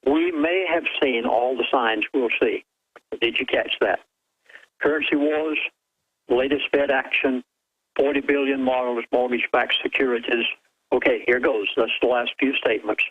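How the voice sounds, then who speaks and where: A man's voice: medium pitch, steady tone, moderate pace, husky, phone-quality sound. A man who is a guest on a call-in radio show, speaking urgently and dramatically while quoting a source word for word.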